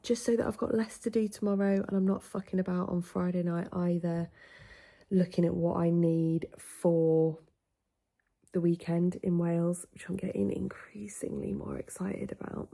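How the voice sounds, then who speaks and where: A young adult woman from England talking straight to camera in a casual vlog, chatty and animated, swearing freely as she retells her day. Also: lowish voice, normal speed, vocal fry, no room sound. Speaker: vlogger.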